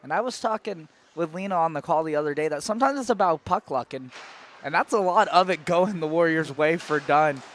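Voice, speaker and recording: High bright play-by-play guy, rapid calls, yells on the goals, bit of rink noise. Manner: rapid calls that jump to shouts on shots and goals. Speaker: play-by-play commentator. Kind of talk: hockey play-by-play commentary.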